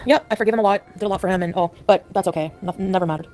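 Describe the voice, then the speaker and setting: Fast-talking upset woman livestreaming. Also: mid-range voice, darkish tone. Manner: upset, rambling, many "like"s. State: distressed. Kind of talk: casual live chat.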